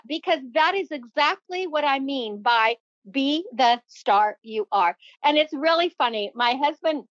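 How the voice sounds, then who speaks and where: High, bubbly woman on a dull line. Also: a bit bright, no echo. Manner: effusive and upbeat, motivational. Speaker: podcast guest, motivational speaker. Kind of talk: enthusiastic interview talk. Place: home office library. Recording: dull, lo-fi sound.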